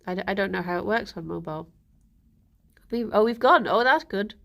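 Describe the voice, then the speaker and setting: A woman livestreamer chatting casually with her viewers, tired and yawny after a bad night, relaxed and trailing off with frequent ums. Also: medium pitch, fairly quick, creaky, long pauses.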